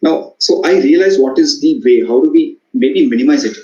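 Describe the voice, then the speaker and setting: A man with an Indian English accent, a communication trainer lecturing students in a halting way, with many fillers and repeated words. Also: fairly high pitch, warm tone. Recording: echoey, dull-sounding room recording.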